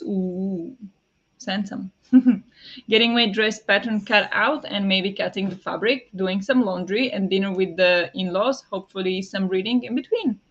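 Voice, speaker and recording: A woman from Slovakia, chatting casually with live viewers during a reading stream, rambling with lots of fillers. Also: medium pitch. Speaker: streamer hosting reading sprints. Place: home. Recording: dull lo-fi sound.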